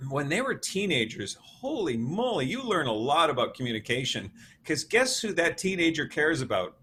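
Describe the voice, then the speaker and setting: A man in his fifties, a motivational speaker giving an interview, telling stories in a lively way and laughing often. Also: on the high side, normal speed, a little hiss or hum. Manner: animated storyteller, laughs often, acts out quotes. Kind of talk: conversational interview.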